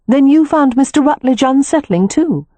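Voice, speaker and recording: A woman reading an audiobook, voicing a lively young woman who is amused and a little skeptical. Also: sits high, normal speed, no echo, pitched above the performer's own voice. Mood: wry. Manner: wry and teasing.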